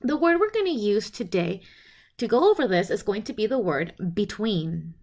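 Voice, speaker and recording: A woman presenting a phonics lesson, speaking clearly and sounding out each letter and sound one at a time. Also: mid-range voice, expressive, moderate pace, darkish tone. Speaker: teacher presenting a literacy lesson. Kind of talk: instructional presentation.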